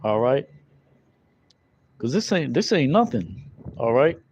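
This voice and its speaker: A man's voice: mid-range voice, sing-song, slow, darkish tone, a little hiss or hum. A man teaching scripture in a loose, conversational way, full of fillers and tag questions. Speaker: Bible teacher. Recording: dull lo-fi recording.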